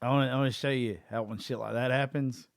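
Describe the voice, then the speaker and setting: A man's voice: medium pitch, fairly even intonation, fast talker, vocal fry, no echo, studio quality. Blunt, profane man hosting a podcast. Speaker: podcast host. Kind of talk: casual chat.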